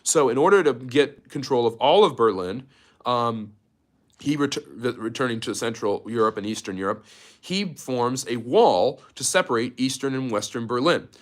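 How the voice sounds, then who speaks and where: A man's voice: mid-range voice, lively intonation, normal speed. A man giving a loose, unscripted history lecture on a livestream, full of fillers and restarts, stopping now and then to answer viewer chat. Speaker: history teacher.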